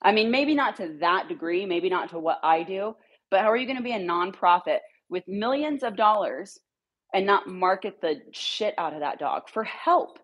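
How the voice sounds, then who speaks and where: A woman's voice: mid-range voice, animated, moderate pace, fairly bright tone, husky. A woman who runs a dog rescue, telling a heated story to her followers in a blunt way and swearing freely.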